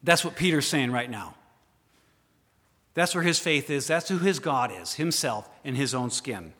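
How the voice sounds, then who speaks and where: A man preaching a sermon, speaking straight to his listeners with pointed questions and moving from loud emphasis to a hushed voice. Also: medium pitch, expressive, unhurried. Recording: long hall reverb.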